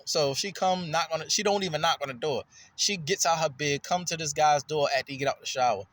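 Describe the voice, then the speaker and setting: A man rambling loosely through a casual, profane monologue, his voice jumping up when he gets worked up. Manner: loose and profane, jumps in pitch when excited. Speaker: vlogger.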